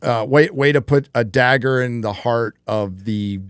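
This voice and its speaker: A mid-pitched man hosting a live stream in plain, blunt speech peppered with swearing. His voice sits close and dry on the mic with no room around it. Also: unhurried, clean tone, no echo. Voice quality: profane, blunt. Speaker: livestream host. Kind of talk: casual live stream chat.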